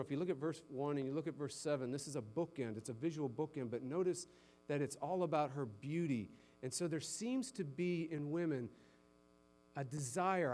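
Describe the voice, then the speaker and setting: A male pastor preaches a sermon, rising to loud, emphatic exhortation before dropping low and soft.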